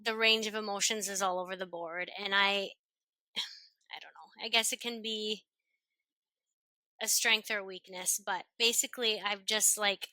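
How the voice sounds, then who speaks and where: Loud woman in her 40s, super bright sharp voice, dry close sound, chatty guest. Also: mid-range voice, dry recording, poor audio. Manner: loud, expressive, talks fast and openly. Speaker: podcast guest. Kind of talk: casual conversation.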